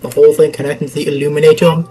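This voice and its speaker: A man's voice: a little high, level tone, very fast, warm tone, husky, low-quality recording. A young man chatting through a video game let's play, rambling and joking with himself and the game as he goes. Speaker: gaming channel host.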